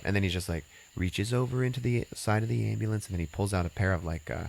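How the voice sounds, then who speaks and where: A man with a very low voice recaps a movie for a podcast. He talks loosely and casually, with lots of fillers, restarts and swearing. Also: fast, gravelly, darkish tone. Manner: rambling, filler-heavy and profane. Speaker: podcast host recapping a film.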